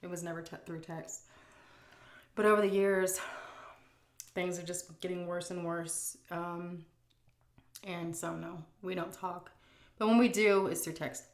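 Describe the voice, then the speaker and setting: A woman's voice: on the low side, fairly even intonation, a little slow, long pauses, echoey room. A woman vlogger chatting frankly while she eats, reading out viewer questions and answering them. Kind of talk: casual chat while eating.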